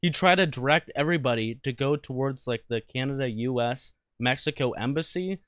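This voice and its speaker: A man's voice: medium pitch, brisk, crowd noise. A man chatting as a co-host, telling a story in a plain, conversational way. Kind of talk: casual chat.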